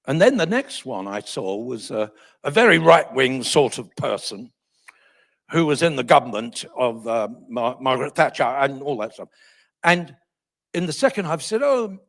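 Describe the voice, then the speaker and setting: Older male storyteller, husky and animated, self-deprecating. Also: medium pitch, normal speed. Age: 70s. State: voice failing, coughing. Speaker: guest speaker. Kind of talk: anecdotal storytelling at a talk.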